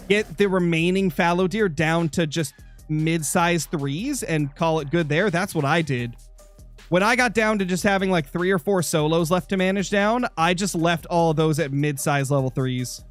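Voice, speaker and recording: A young man streaming a hunting game, chatting casually and answering viewers while nursing a sore, dry throat. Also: high-pitched. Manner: chatty, answering chat messages. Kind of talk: live gaming stream commentary.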